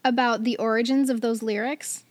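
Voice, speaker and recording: A woman co-hosting a podcast in a casual chat, lively, laughing often and acting out the quotes she tells. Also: on the high side, moderate pace, no room sound. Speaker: podcast co-host.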